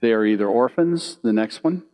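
Here a man with a mid-range voice preaches at normal speed, working from slides, though the recording quality is poor. His delivery is animated, full of vivid small stories and questions aimed at the audience.

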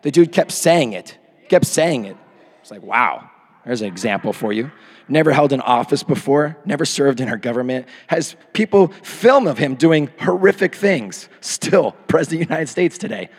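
Animated preacher man in a reverberant hall. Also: mid-range voice, normal speed, husky. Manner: animated, swings from hushed asides to shouted peaks. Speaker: pastor. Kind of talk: sermon. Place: church hall. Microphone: handheld or podium microphone.

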